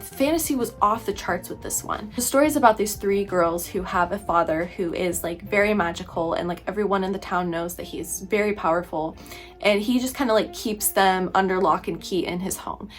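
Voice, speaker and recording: A young woman in her twenties chatting casually about books she read, gushing and rambling with lots of "like". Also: medium pitch. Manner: gushing, rambling, heavy use of "like". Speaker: book vlogger. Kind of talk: casual book review chat. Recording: faint background music.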